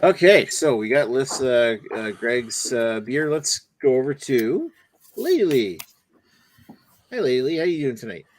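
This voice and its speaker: A man's voice: medium pitch, sing-song, a little slow, slight background noise. A man hosting a casual online panel chat in a joking, teasing way over a video call. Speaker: panel host.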